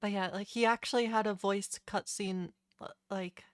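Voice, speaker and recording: A woman's voice: mid-range voice, fairly even intonation, moderate pace, dry recording, studio quality. A woman streamer chatting casually and self-deprecatingly while playing a game live. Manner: chatty, self-deprecating, laughing, hesitant restarts.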